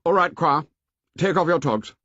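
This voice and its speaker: A man reading an audiobook and voicing a bossy, confident boy leader in a brisk, commanding way. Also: fairly high pitch, fairly bright tone, no echo, dull audio, pitched above the performer's own voice.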